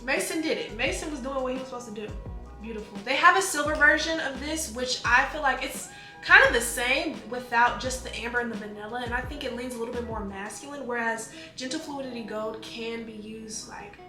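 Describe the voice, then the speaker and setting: A woman's voice: fairly high pitch, fairly quick, bright, forceful tone, soft background music. A young woman reviewing her perfume collection in a casual, gushing, chatty way. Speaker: beauty vlogger. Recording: echoey room.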